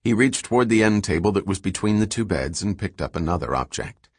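Deep-voiced man narrating an audiobook. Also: lively intonation, fairly quick, husky, no echo, studio quality. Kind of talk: scripted narration.

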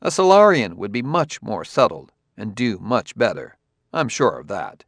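A man's voice: on the low side, wildly swooping pitch, moderate pace, gravelly, no room sound, studio quality, full character voice. A man voicing an insistent adult male detective who presses his questions methodically, read as an audiobook character.

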